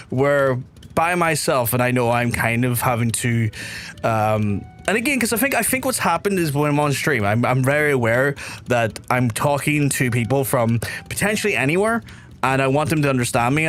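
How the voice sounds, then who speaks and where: A man from Belfast, Northern Ireland, with a softened Belfast accent and a medium-pitched voice, streams a game while chatting casually with his viewers. His talk rambles, repeats phrases, and includes the occasional swear word.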